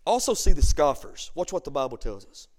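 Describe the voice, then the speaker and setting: High-voiced preacher, hushed then booming. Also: male voice, sing-song, fairly quick. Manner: preaching with dramatic swings from hushed to loud; repeats words for emphasis. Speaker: pastor. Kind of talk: sermon. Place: church.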